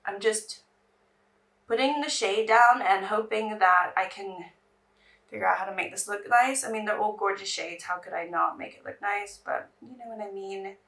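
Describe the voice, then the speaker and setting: A woman's voice: mid-range voice, moderate pace, a bit bright, recorded from a distance. A woman from England, chatting in a rambling way while doing her makeup on camera. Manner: chatty, rambling, restarts sentences. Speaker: beauty vlogger.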